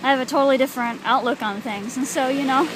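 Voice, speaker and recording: A woman's voice: high-pitched, quick pace, background noise. A woman telling a personal religious dream in a casual, hesitant way, with lots of filler words.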